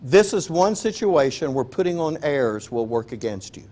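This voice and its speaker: A man's voice: on the high side, big pitch swings, normal speed, darkish tone. A man preaching a conversational sermon in a folksy way, acting out quoted prayers and asides. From Texas.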